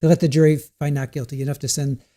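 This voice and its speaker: A man's voice: a little high, little pitch movement, quick pace, dark tone. A man hosting a casual livestream about a court trial, rambling and reading viewer comments aloud.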